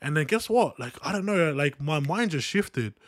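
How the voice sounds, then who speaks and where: A man's voice: on the high side, lively intonation, moderate pace, dry recording, studio quality. A young Australian man hosting a podcast, telling a personal story in an earnest, rambling way, often checking in with his listeners. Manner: earnest, repetitive, with frequent "right?" and "guys" asides. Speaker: podcast host. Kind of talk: casual motivational monologue.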